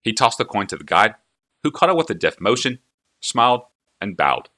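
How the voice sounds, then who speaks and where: A man reading an audiobook with expressive, animated storytelling. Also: fairly low pitch, moderate pace. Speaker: narrator.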